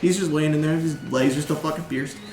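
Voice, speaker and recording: A man's voice: fairly high pitch, steady tone, fairly quick. A young man narrating casually as dungeon master, chatty and laughing often. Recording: echoey room with music behind.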